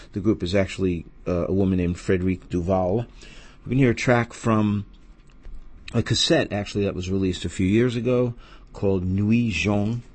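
A man's voice: fairly low pitch, a little mellow. A man presenting music on the radio, introducing tracks in a rambling way with fillers and self-corrections.

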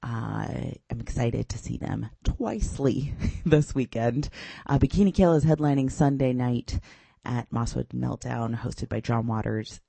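A woman's voice: rumbling low, unhurried, vocal fry, warm tone, slightly rough, no echo. A woman radio DJ back-announcing songs in a casual, enthusiastic way, with frequent laughs and fillers. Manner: enthusiastic, giggly, with many "uh" fillers.

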